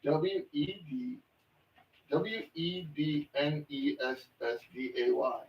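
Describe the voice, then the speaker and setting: A man's voice: on the high side, animated, slow, reverberant, recorded from a distance, lo-fi sound. A man joking dryly with his partner on a casual stream, talking with a mouth full of gauze. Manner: dry, teasing quips. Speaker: co-host partner.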